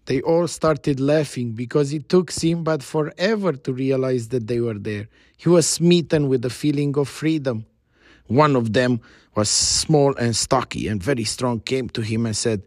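A man narrating a story in a casual, animated, chatty way. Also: mid-range voice, measured pace, no echo, clean studio sound.

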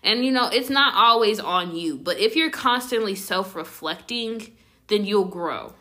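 A woman's voice: medium pitch, lively intonation, measured pace, bright, forceful tone. A young woman co-hosting a casual podcast, earnestly giving advice. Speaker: podcast co-host. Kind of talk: casual chat.

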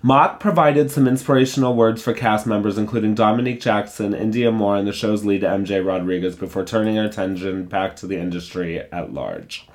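A man with a fairly low voice works through a gossip article out loud. He pauses to add candid, opinionated asides in an easy, conversational tone. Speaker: pop culture commentator. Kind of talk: reading a gossip article aloud, then casual commentary.

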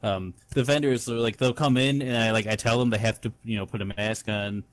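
A man's voice: lowish voice, steady tone, a little fast, no room sound. A young man co-hosting a podcast, telling a rambling story full of swearing in casual chat. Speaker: podcast co-host.

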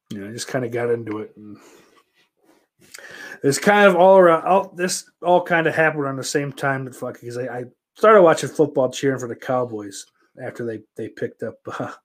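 A man's voice: mid-range voice, lively intonation, a little slow, pauses often. A man from Western New York, a streamer chatting casually and answering viewer questions in a rambling, profane, self-interrupting way.

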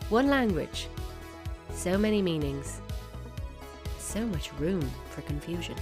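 A woman's voice: on the low side, animated, slow, music in the background. A woman with an Irish accent hosting a comedic podcast from her bedroom, wry and mock-indignant. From Ireland. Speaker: podcast host. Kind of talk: scripted comedic podcast monologue. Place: bedroom at home.

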